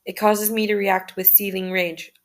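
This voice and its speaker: Sex: woman. Style: measured journal reading. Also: medium pitch, flat delivery. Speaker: channel host reading a journal aloud. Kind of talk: first-person journal reading.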